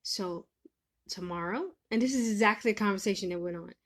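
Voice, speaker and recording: Woman, life coach, casual vlog, loud venting then hushed breathy calm, mid pitch. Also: a little fast.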